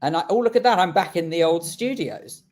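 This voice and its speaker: A man's voice: fairly high pitch, lively intonation, a little fast, darkish tone. A British man co-hosting an internet radio show, chatting casually and muttering to himself as he sets up his equipment. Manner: fussing and muttering while setting up gear. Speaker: radio co-host. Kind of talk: casual banter.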